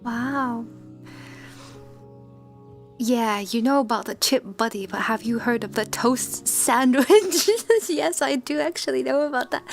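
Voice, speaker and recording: Woman streamer, high and unhurried voice, giggly chat with viewers, soft music behind. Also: gravelly. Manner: giggly, greets chatters by name. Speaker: VTuber streamer. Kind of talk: casual livestream chat.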